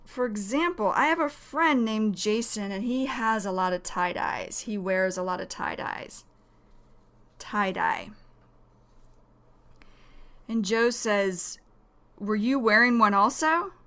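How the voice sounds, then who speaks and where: A woman's voice: medium pitch, takes it slowly, pauses often, fairly bright tone. A woman teaching an English vocabulary lesson, explaining words carefully and repeating them.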